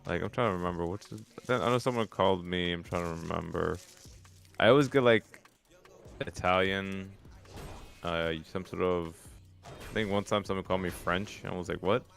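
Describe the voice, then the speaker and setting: A man's voice: deep voice, normal speed, vocal fry, pauses often, fairly bright tone, faint music behind. A man co-hosting a game stream, bantering easily and laughing often. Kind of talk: casual chat on a game stream.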